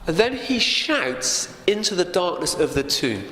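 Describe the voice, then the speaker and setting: A man's voice: high voice, sing-song, unhurried, sharp tone. A man teaching a Bible passage as a story, often turning to listeners with tag questions. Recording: echoey room with long reverb, faint noise.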